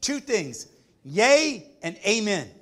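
A man's voice: sits high, very animated, slow pace, fairly bright tone. A man preaching a sermon as pastor, emphatic, calling for responses from the congregation.

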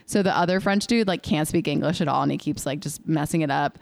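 A young woman in casual chat, recapping a movie with lively retellings and frequent laughter. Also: low voice, fast, vocal fry, no echo. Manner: animated, laughs often, acts out lines from scenes.

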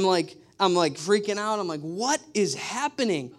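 A man preaching a sermon, telling stories with animated, emphatic repetition. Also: sits high, normal speed, few pauses. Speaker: pastor.

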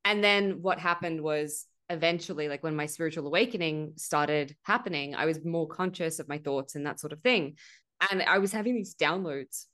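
Low-voiced, frank woman podcast host. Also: moderate pace, fairly bright tone. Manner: candid and frank, swears freely, acts out her past self in quoted asides. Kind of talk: casual podcast conversation.

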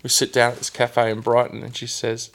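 A man telling his personal story as a guest, candid and halting, often restarting his sentences. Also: mid-range voice, monotone, fairly bright tone, slight background noise.

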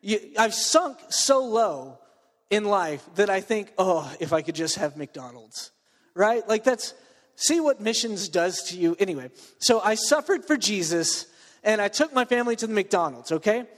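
A male preacher tells a story from the pulpit in a loose, chatty way, full of fillers and asides to the crowd. His voice sits high for a man. The sound carries a long reverb from a large hall. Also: lively intonation, moderate pace. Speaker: pastor. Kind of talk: sermon.

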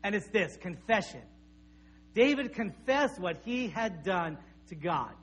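A man's voice: high-pitched, big pitch swings, measured pace, a bit bright, slight background noise. A middle-aged man, preaching a sermon in a conversational storytelling manner with frequent restarts. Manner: conversational, anecdotal, with repeated restarts. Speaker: pastor.

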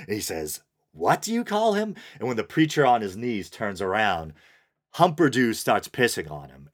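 A man's voice: low-pitched, fairly bright tone. A man hosting his own podcast, rambling casually with fillers and chuckles. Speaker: podcast host. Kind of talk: casual solo podcast monologue.

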